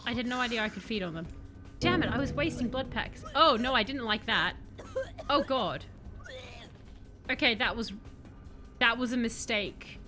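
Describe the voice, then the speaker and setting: A woman's voice: on the high side, expressive, normal speed, long pauses, over music. A woman streaming a game, chatting animatedly with her viewers, self-mocking and reading out their messages. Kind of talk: let's-play commentary chatting with chat.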